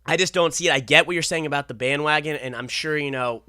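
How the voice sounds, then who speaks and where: A young man co-hosting a sports chat who talks quickly and passionately. His voice sits a little high and sounds bright and forceful. It is dry and close to the mic. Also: clear, resonant tone, dry recording. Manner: animated, gets fired up arguing. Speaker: podcast co-host.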